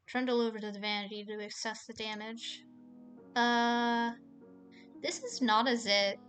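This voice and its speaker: A young woman streaming a game, reading the story aloud and chatting, sarcastic and quick to swear. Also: fairly high pitch, fairly even intonation, a bit bright, soft background music.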